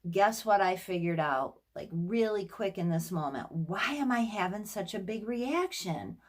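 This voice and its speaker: A middle-aged woman telling a personal story to her audience in a casual, animated way, acting out what others said and laughing now and then. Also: mid-range voice, measured pace. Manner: animated, acts out quotes, laughs often. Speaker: therapist sharing a personal story.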